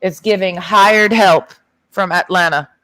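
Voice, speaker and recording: A woman's voice: lowish voice, fairly even intonation, measured pace, a bit bright. A young woman ranting casually to camera, telling a story in a blunt, sassy and profane way. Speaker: vlogger. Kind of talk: casual rant.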